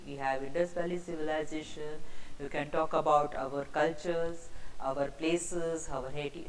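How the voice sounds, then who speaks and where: A woman's voice: low-pitched, echoey room, slight background noise, rough recording. A woman teacher, giving a recorded class lesson and repeating her instructions, often checking with "right?". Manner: repetitive instructive, frequent tag "right?". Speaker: school English teacher.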